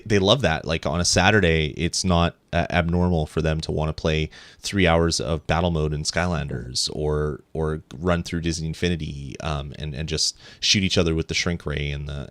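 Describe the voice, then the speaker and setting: A man with an extremely low voice chats on a gaming podcast, rambling and eager, full of ums and false starts. The sound is dry and close to the microphone. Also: normal speed, dry recording. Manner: excited, rambling with many ums and restarts. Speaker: podcast co-host. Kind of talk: casual chat.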